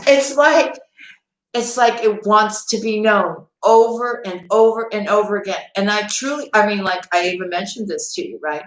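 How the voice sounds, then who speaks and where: A woman's voice: mid-range voice, unhurried, fairly bright tone. Woman tarot reader, chatty live-stream host, laughs often, echoey room. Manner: chatty, laughs often, addresses viewers directly.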